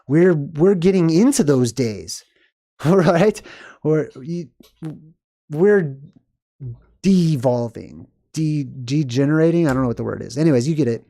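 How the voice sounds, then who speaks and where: Man, casual commentary, rambling, conspiratorial, mellow voice, dry close sound. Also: fairly high pitch, expressive, measured pace, gravelly, no echo. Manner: rambling and conspiratorial, often adding "right?". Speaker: movie commentator.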